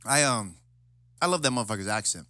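A man in an animated, jokey casual chat, swearing freely. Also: medium pitch, fast, no echo, studio quality.

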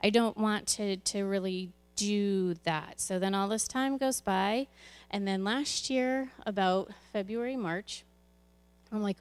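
A woman who leads a church's children's ministry gives a candid, conversational personal testimony to a congregation, often restarting her sentences. Her medium-pitched voice is smooth and steady, and she speaks slowly.

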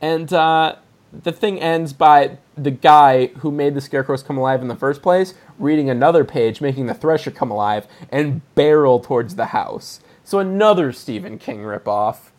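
A man's voice: on the high side, moderate pace, a little mellow. A man hosting a podcast, chatting casually and rambling through a retelling, often laughing. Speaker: podcast host. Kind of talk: casual review chat.

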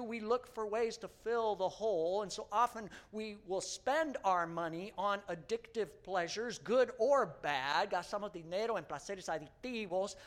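A man's voice: high-pitched, a bit bright. A male pastor preaching a sermon, telling a story and repeating each point in a second language. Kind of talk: bilingual sermon.

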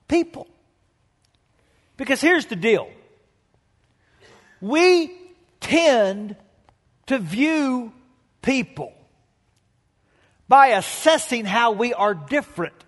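Male preacher, high voice, slow deliberate delivery, long church reverb. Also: fairly bright tone. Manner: emphatic, dramatic pauses, storytelling. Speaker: pastor. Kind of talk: sermon.

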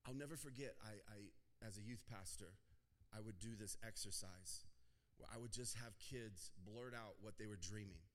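A male pastor giving a sermon, telling a story in a conversational way, acting out the dialogue and building to loud, emphatic points. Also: fairly low pitch, normal speed.

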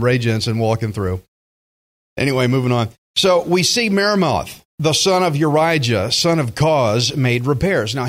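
A pastor, preaching in a conversational style with joking asides. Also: male voice, fairly high pitch. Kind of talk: sermon.

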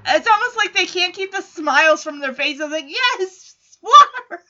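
A woman's voice: high voice, moderate pace, pushed and bright, lo-fi sound. A woman recapping an old TV show in casual chat, talking in a chatty, wry way.

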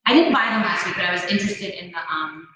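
A woman's voice: fairly low pitch, animated, quick pace, sharp tone. A woman co-hosting a live podcast in casual chat, talking freely with many fillers. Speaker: podcast co-host. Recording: echoey room, far from the mic.

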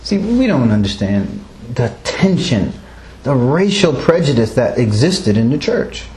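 A man's voice: medium pitch, very animated, a little slow, a little mellow. A man leading a Bible study, asking the group questions and chuckling often as he explains. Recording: roomy echo, faint background noise.

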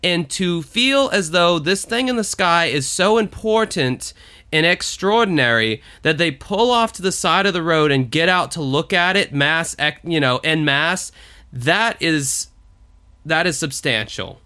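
Bright-voiced animated podcast man. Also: a little high, measured pace. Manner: animated storytelling, frequent swearing. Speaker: podcast host. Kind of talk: casual podcast chat.

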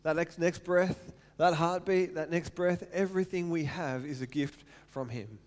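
A man in his thirties preaching a sermon to his church, animated and repeating words for emphasis. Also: a little high, normal speed. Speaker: pastor. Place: church hall.

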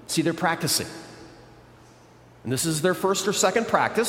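A man preaching a sermon as pastor, dramatic, swinging from loud emphatic bursts to low, quiet intensity. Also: expressive, moderate pace, long pauses, a little hiss or hum. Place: large church hall. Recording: echoey church hall with long reverb.

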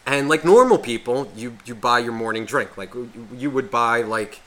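A man's voice: medium pitch, expressive, moderate pace, a bit bright. A man co-hosting a podcast, telling a rambling story in casual chat full of swearing. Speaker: podcast co-host.

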